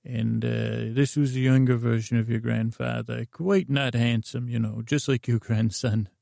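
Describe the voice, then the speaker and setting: Man, improvised bedtime story, rambling and halting, gravelly voice, dry close sound. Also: medium pitch, steady tone, warm tone, no echo. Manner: rambling, halting, many fillers and restarts.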